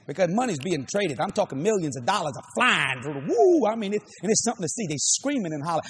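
A middle-aged man preaching a sermon, telling a story with shouts, laughter and acted-out voices. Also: high-pitched, very animated, normal speed, a little hiss or hum.

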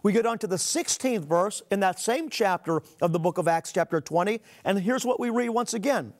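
A man's voice: high-pitched, expressive. A man preaching a sermon, earnestly reading scripture aloud and calling his listeners "beloved". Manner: reads scripture aloud with emphatic pauses.

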